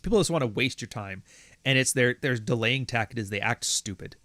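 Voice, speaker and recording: A man's voice: mid-range voice, a little fast, pushed and bright, dry recording. Blunt, profane man hosting a livestream. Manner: blunt, profane, rambling, acts out other people's voices. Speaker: livestream host reading super chats. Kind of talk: casual live-stream talk.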